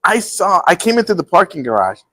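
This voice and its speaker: A middle-aged man hosts a casual talk show, telling a story in a high-pitched, fairly quick voice and animatedly acting out quotes with laughs. The audio is poor.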